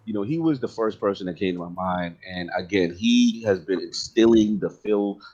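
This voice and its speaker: A man's voice: fairly low pitch, moderate pace, a little mellow, dull audio. A man co-hosting a gaming podcast in loose, rambling casual chat. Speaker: podcast co-host.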